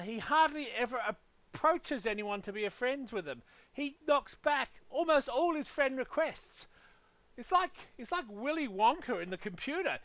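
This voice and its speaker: Gaming host, male, very high bright voice, heated profane rants, dry close sound. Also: sing-song, moderate pace, no echo. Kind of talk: casual podcast rant.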